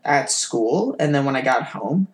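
Enthusiastic young co-host, mid-pitched. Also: animated, unhurried, a little hiss or hum. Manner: enthusiastic, emphatic praise. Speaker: podcast co-host. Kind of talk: casual anime chat.

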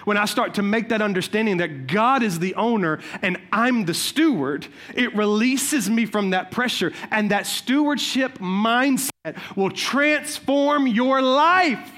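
A man preaching a sermon as pastor, telling personal stories in an animated, conversational and humorous way. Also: high voice, unhurried, hardly any pauses. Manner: repeats "watch this" to cue points.

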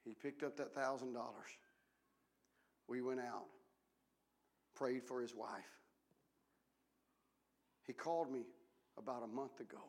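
A man preaching a sermon as pastor, telling folksy stories and swinging between hushed whispers and loud shouting. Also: medium pitch, measured pace, long pauses. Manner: folksy storytelling.

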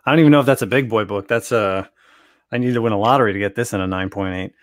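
A man co-hosting a casual chat, going over prices and sales figures in a relaxed way. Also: fairly low pitch, racing, no room sound. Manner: relaxed, talks through prices and sales data. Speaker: co-host. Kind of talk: casual comic book collecting chat.

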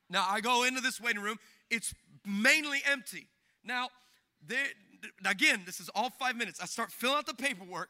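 A pastor delivers a comic sermon, telling his story with lots of energy and jokes. His voice sits very high and sounds strikingly bright and sharp. He acts out the people in the story, going loud and then soft. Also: normal speed. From Hispanic background. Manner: animated, jokey, acts out quoted people with big shifts in loudness.

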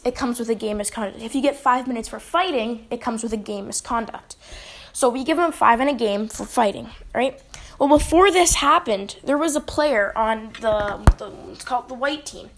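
Lady ref chatting away, lots of basically and right, kinda higher voice w gravel in it. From British Columbia, Canada. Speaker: hockey referee. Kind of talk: casual advice storytelling.

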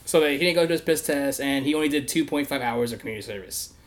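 A man's voice: mid-range voice, quick pace. A young man hosting a podcast, telling a story in casual chat, laughing often and swearing freely. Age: young adult. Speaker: podcast host.

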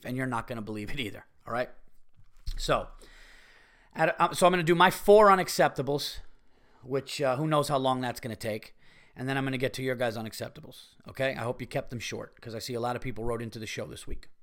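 A man's voice: medium pitch, a bit bright. A man hosting a solo comedy podcast, ranting with heavy profanity about things that annoy him. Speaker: podcast host. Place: home.

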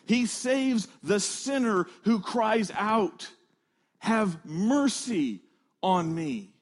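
A male pastor preaches earnestly and emphatically. His voice is fairly high, and he takes his time, stressing one phrase after another.

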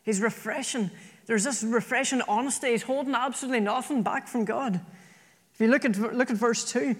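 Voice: medium pitch, brisk, fairly bright tone. A preacher delivering an earnest sermon, often repeating phrases for emphasis. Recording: long reverb from a hall.

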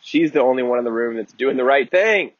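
A man's voice: medium pitch, animated, fairly quick, dry recording, muffled recording. A man giving a conversational Bible teaching talk, earnest and digressive, often restarting his sentences.

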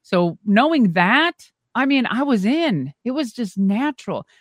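A middle-aged woman, a former wrestler and monster truck driver, telling animated stories as a guest and swearing freely. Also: on the high side, a little slow, dry recording. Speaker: interview guest. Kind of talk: casual storytelling.

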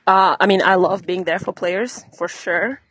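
A young woman tennis coach from Benin speaks at an ordinary middle pitch, slightly out of breath. She tells her stories in a lively way and laughs often. The sound is dry and close. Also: moderate pace, husky, no room sound, low-quality recording. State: a little out of breath. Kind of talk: casual interview chat.

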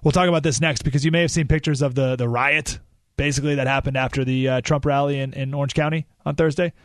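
A man hosting a talk radio show, delivering an animated political monologue and often repeating or restarting words. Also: mid-range voice, quick pace, no echo, clean studio sound.

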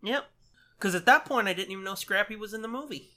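A man's voice: high voice, fast, sharp tone. A man co-hosting a movie commentary, telling rambling, profane stories in casual chat. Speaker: podcast co-host.

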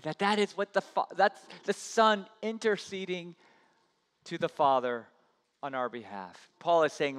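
A man preaching a sermon as a pastor, telling a story in an animated way. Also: fairly high pitch, a little slow, smooth. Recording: long church-hall reverb.

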